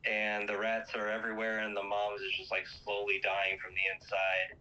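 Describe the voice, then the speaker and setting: A man's voice: fairly low pitch, monotone, moderate pace, sharp tone, dull audio. A man casually retelling a movie's plot, rambling with lots of fillers and acting out quoted lines.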